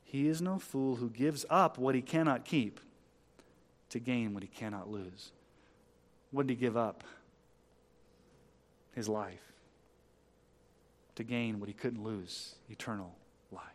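A male pastor delivers a sermon, his voice swelling loud on key lines and then falling low, and he reads scripture slowly and with emphasis.

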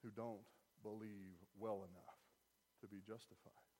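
A man delivers a sermon to his congregation in a wry, conversational way. He pushes into loud, emphatic preaching on his key points. His voice rings out with a long reverb, as in a large sanctuary. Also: fairly low pitch, fairly even intonation, measured pace. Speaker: pastor.

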